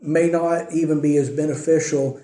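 A man's voice: a little high, fairly even intonation, normal speed, warm tone, reverberant. A male pastor preaching a sermon in a conversational way, reading verses and checking in with his listeners.

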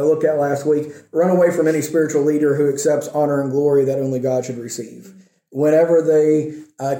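A man's voice: mid-range voice, warm tone. A man teaching a Bible study in a plainspoken way, often checking in with "okay?" and reading scripture aloud. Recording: roomy echo.

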